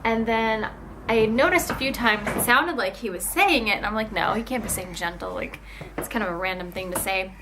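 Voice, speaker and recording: A woman's voice: mid-range voice, fairly quick, background noise. A young woman talking casually to her camera at home about her baby, chatty, with many "um"s. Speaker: mother and vlogger. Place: home, playing with her toddler.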